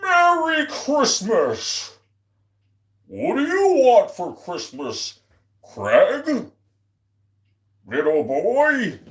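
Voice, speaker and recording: A man putting on a jolly old Santa Claus voice, booming and slow. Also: huge pitch swings, fairly bright tone, echoey room, full character voice.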